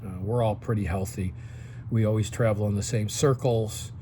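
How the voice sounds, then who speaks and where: A man in his sixties speaks straight to the camera in a warm, lowish voice at normal speed, with fairly even intonation and slight background noise. He gives seniors casual advice, coaching them and often checking in with "okay?"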